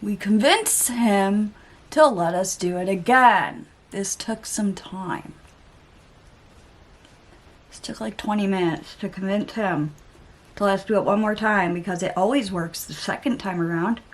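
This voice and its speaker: Brief: young woman beauty vlogger, mid-pitched voice, chatty and exasperated, casual get-ready-with-me chat. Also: moderate pace. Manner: chatty storytelling, exasperated asides, some swearing. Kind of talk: casual chitchat while getting ready.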